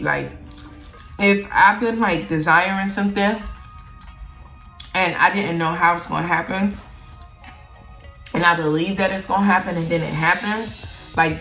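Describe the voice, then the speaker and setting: Eating through a relaxed Q&A vlog, a young Jamaican woman talks openly and chattily, leaning heavily on "like." Her pitch runs on the low side with a fairly bright tone, and the recording sounds roomy.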